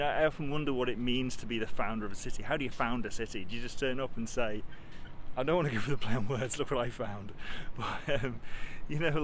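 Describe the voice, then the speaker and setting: A man vlogs his travels outdoors, wandering through thoughts with dry, self-mocking humour. His voice sits at an ordinary, middling pitch. Clear street and traffic sounds run behind him the whole time. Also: a bit bright, low-quality recording. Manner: rambling, wry, joking asides. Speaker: travel vlogger. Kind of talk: casual travel vlog chat. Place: outdoors in a town.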